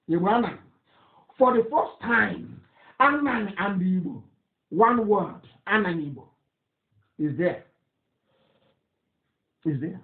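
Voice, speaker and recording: Brief: high-voiced Nigerian man, fiery scornful broadcaster, phone-line quality. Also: expressive, slow, pauses often. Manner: fiery, scornful, repetitive, laughs derisively. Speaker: political activist broadcaster. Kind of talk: impassioned radio broadcast.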